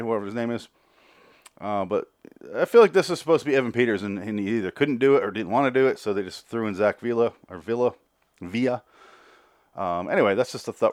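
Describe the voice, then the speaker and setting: A man's voice: medium pitch, no echo, clean studio sound. A man casually recapping a TV episode, rambling with crude jokes and acted-out quotes. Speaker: TV recap commentator.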